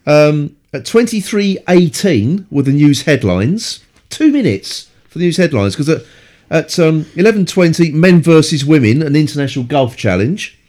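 A man with a slightly high, very animated voice, hosting a casual commentary podcast. He heckles sarcastically and sounds exasperated. His delivery rises and falls a lot. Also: normal speed, hardly any pauses. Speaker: podcast host.

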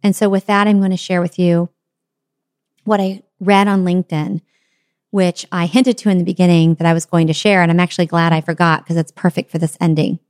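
A woman's voice: fairly low pitch, level tone, brisk, darkish tone, clear, resonant tone, no room sound, studio quality. Earnest woman podcast host. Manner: earnest, encouraging storytelling. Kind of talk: motivational podcast monologue.

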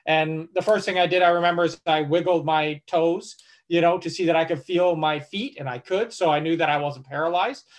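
Male travel blogger guest, chatty storyteller, restarts and fillers, slightly higher voice. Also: fairly quick. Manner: animated, many restarts and fillers. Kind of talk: conversational storytelling.

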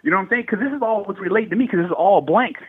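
Man in his thirties, slangy and cursing, husky voice, tinny phone-line sound. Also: high voice, rapid-fire. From Bay Area, California. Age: 30s. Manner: heavy swearing, slangy and animated. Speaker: guest telling a paranormal story. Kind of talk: casual storytelling.

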